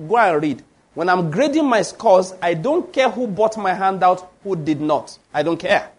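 A male preacher delivers a sermon in a high voice. He presses each point hard and keeps turning to the congregation with questions. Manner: emphatic, with rhetorical questions to the congregation.

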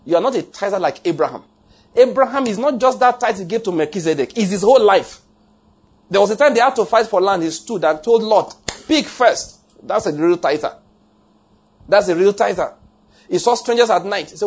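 A pastor delivers a sermon with a fairly high, husky voice. He is emphatic and jokey, chuckling at his own remarks and repeating key phrases. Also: lively intonation, a little fast, darkish tone.

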